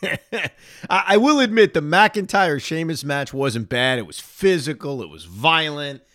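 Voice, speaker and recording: A man's voice: a little high, lively intonation, a little slow, bright, forceful tone, no echo, clean studio sound. A man hosting a podcast, giving sarcastic, exasperated solo commentary full of rhetorical questions. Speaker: wrestling podcast host.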